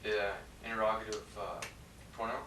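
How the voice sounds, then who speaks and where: A man's voice: lowish voice, flat delivery, normal speed. Hesitant male student in an echoey classroom. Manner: hesitant, full of uh and um. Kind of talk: classroom question and answer. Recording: echoey classroom from far off, faint hiss.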